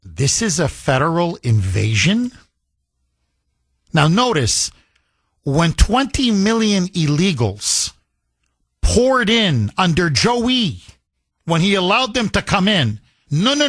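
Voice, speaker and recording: A man hosting a talk radio show, his voice high and bright, swinging widely in pitch. He fires off sarcastic rhetorical questions and hammers his points with repetition. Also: wildly swooping pitch, slow pace. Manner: emphatic with repetition. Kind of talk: political talk radio monologue.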